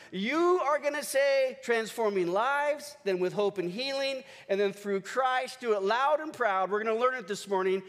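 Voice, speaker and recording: A man preaching a sermon as pastor, energetic and rousing his congregation. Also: very high-pitched. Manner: energetic, leads the congregation in call-and-response cheers. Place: large church hall. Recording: long church hall reverb.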